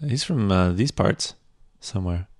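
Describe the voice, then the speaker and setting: Gravelly low-voiced male podcast co-host. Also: expressive, measured pace, darkish tone, no echo. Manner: joking, laughs often, wry one-liners. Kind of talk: casual chat.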